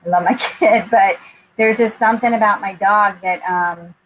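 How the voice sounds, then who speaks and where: A woman hosting a live interview, talking candidly and with feeling, often pausing on "um". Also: mid-range voice, fairly even intonation. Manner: candid and heartfelt, with frequent ums. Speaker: host. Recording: dull lo-fi sound with faint noise.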